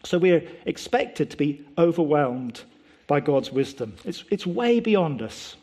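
A man delivers a sermon in an emphatic, explanatory way, often pausing on rhetorical questions. His voice sits a little higher than most men's. He builds each point in steps. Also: sing-song, darkish tone. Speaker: preacher.

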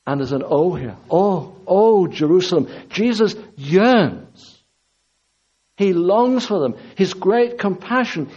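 A man's voice: high voice, a little mellow. A man preaching a sermon with impassioned, repetitive emphasis. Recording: dull lo-fi recording.

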